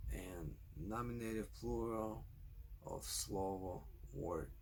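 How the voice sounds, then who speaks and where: A man narrating a scripted language lesson, speaking slowly and deliberately, carefully spelling out example words. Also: medium pitch, slight background noise. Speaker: language teacher.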